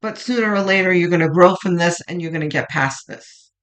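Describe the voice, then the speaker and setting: Speaking a little fast at a medium pitch, this tarot reader does a pick-a-card reading in a gentle, reassuring way. Restarts come often, and lines tend to trail off softly.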